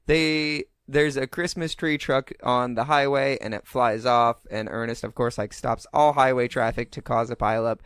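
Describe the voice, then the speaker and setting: Young male podcast co-host, jokey and rambling, middle pitch, dry recording. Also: steady tone, moderate pace, few pauses, a bit bright, smooth, dry recording. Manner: joking, rambling, drops into silly impressions. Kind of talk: casual chat.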